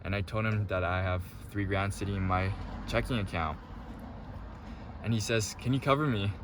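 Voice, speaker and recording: A man's voice: deep voice, steady tone, moderate pace. A man casually telling a personal story to camera outdoors by a city street, chatty and full of filler words. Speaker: vlogger. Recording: noisy outdoor street traffic. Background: passing cars.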